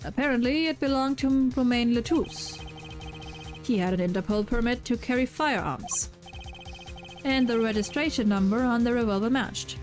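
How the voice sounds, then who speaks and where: Woman reads matter-of-fact detective, own voice, German accent, fairly high pitch. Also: normal speed, faint music behind, close to an everyday voice. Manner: flat, matter-of-fact reading.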